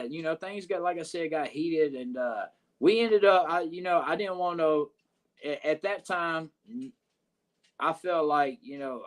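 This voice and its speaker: A man with a Southern US accent telling a locker-room story in a podcast interview, cursing often and rambling with fillers. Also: on the high side. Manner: profane, rambling, frequent "uh" and "you know what I'm saying". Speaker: wrestler guest.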